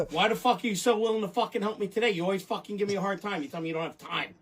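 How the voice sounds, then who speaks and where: A man's voice: high voice, quick pace, a bit bright, slight background noise. A man playing a grumpy, suspicious middle-aged father in a comedy sketch, swearing constantly and accusing his son. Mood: irritated.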